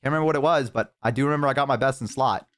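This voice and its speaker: This young man's mid-range voice races as he chats on a live stream, reading chat and telling stories. He swears freely and breaks into loud, excited bursts.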